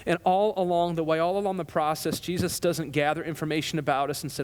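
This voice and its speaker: A man with a high voice preaches a sermon, talking to the people like a conversation and now and then stopping to correct himself. His voice rings out with a long church reverb. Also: fairly even intonation, fast talker, hardly any pauses. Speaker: pastor. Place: church sanctuary.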